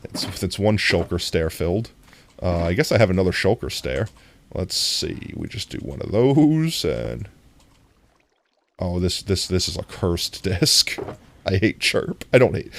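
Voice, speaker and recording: A man streaming a game, chatting casually and playfully with his viewers and laughing often. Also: on the low side. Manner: playful, giggly, talks to chat.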